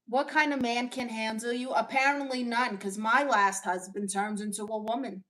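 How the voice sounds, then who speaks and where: A woman hosting a comedic livestream as a sassy aunt, brashly teasing her chat with quick comebacks. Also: medium pitch, steady tone, fairly bright tone. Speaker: livestream host reading chat.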